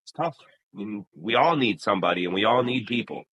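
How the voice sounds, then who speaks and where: Interview guest: a New England barber, lively storyteller, bright tense tone, dry close sound. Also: male voice, fairly low pitch, quick pace, breathy edge, no room sound, highs cut off. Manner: animated storyteller, acts out quoted dialogue. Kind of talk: casual interview talk.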